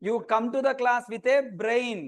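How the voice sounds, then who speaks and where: Teasing, scolding Indian English teacher, high voice. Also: male voice, little pitch movement, brisk. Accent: Indian English, Telugu. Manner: scolding, teasing, mixes in Telugu words. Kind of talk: classroom lecture. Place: classroom.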